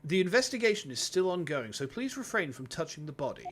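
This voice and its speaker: A man voicing a composed, stern male prosecutor in a game, formal and measured. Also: fairly high pitch, sing-song, a bit bright, slightly rough, full character voice.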